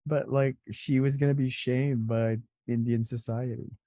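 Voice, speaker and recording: A man's voice: medium pitch, little pitch movement, measured pace, mellow, dry recording. A man in a casual chat, making brief matter-of-fact remarks. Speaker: podcast co-host.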